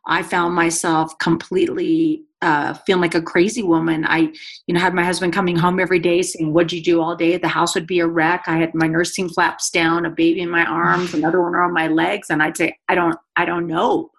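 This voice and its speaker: A woman's voice: fairly low pitch, flat delivery, a little fast. A woman guest giving an earnest, emotional personal testimony in conversation, a mother speaking about her life. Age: adult mother.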